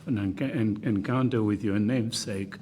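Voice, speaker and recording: Older man, commission chair, lowish voice, halting, filler-heavy, formal remarks. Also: fairly even intonation, mellow. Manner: halting, many ums and uhs.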